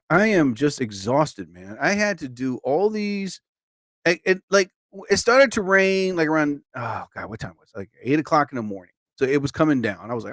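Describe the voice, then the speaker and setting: Brief: chatty, animated male livestream host, rambling, very dry close sound. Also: fairly high pitch, normal speed, dry recording. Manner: rambling, animated, lots of fillers. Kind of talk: rambling live-stream chat.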